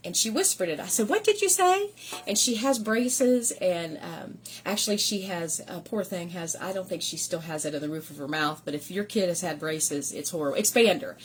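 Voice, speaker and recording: A woman's voice: lowish voice, normal speed, few pauses. A middle-aged woman, a third-grade teacher, chatting casually at home in a rambling, gushing vlog. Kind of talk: casual vlog chat showing gifts.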